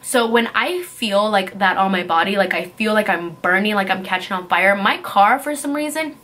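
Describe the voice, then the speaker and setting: A young woman vlogger telling a story in a casual, fast, breathless way, full of fillers. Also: mid-range voice, bright, forceful tone. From California.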